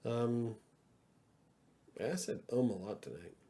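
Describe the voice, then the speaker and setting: A man's voice: mid-range voice, slow pace, mellow. A middle-aged man hosting a casual livestream, joking around and reading chat messages aloud. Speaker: livestream host.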